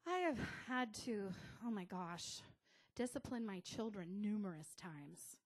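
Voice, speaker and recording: A middle-aged American woman pastor giving a casual, conversational sermon with soft asides. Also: fairly high pitch, unhurried.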